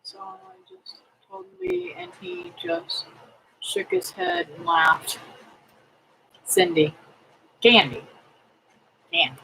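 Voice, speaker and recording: A middle-aged woman hosting a casual livestream, praying aloud and chatting with viewers in a slow, homely way. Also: extremely high pitch, vocal fry, bright, forceful tone, slight background noise, rough recording. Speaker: homestead livestream host. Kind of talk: casual livestream chat reading comments.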